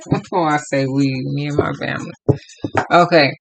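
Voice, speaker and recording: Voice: medium pitch, expressive, a little slow, vocal fry, over loud music, poor audio. A tarot reader from Los Angeles giving a casual, rambling reading to viewers and laughing often.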